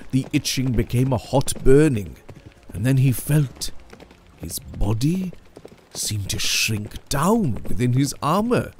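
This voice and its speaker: Slow gravelly male storyteller. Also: mid-range voice, darkish tone, slight background noise. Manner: measured, dramatic storytelling. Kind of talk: scripted narration of a legend.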